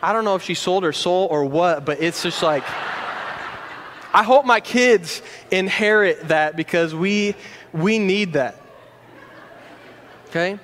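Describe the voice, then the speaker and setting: A pastor preaching a sermon in an earnest, conversational way with frequent restarts. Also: male voice, high voice, takes it slowly, long pauses, a bit bright, slight background noise. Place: large church sanctuary. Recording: long church-hall reverb.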